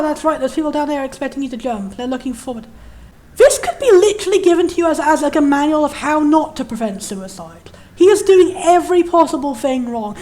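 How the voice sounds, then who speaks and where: A young woman reviewing games, talking frankly and rambling with many restarts and the odd swear. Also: sits high. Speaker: game reviewer. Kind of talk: candid game commentary.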